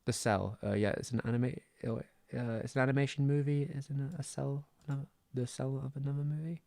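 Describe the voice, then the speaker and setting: A man's voice: medium pitch, fairly even intonation, a little fast, creaky, mellow, no room sound. A young English man from the Southwest with a West Country accent, rambling and self-deprecating in casual livestream chat on a close mic. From Southwest England. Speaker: streamer.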